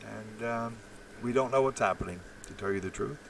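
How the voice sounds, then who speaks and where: Low-voiced man ranting, distant from mic. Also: brisk, creaky, slight background noise. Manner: profane, rambling, many fillers and restarts. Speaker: live stream host. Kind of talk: rambling live-stream monologue, reading chat.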